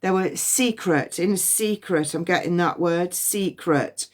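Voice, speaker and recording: A woman giving a past-life psychic reading on a phone livestream, halting and repeating words as impressions come to her. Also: on the low side. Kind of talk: livestream reading and guided release.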